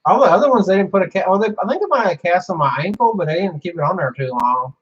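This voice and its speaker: A young man rambles through a casual monologue, swearing freely and padding his talk with fillers. His voice sits a little high, and the recording sounds dull and lo-fi. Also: animated, fast talker, husky. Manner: profane, rambling, frequent fillers. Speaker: vlogger.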